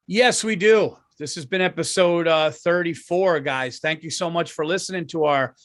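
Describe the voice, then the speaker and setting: High-voiced profane podcast co-host man. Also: moderate pace, a bit bright. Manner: loose, profane, laughing banter. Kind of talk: casual podcast chat.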